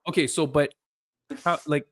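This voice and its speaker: A man's voice: fairly high pitch, steady tone, moderate pace, fairly bright tone, slight background noise. A man hosting a podcast interview, chatting casually with many fillers and restarts. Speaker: podcast host.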